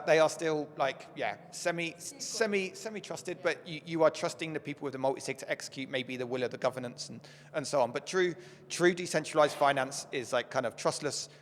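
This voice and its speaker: A man speaking on a conference panel, explaining with lots of filler words, his voice going hoarse as he keeps clearing his throat. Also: mid-range voice. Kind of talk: panel discussion. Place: conference stage. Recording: echoey conference hall.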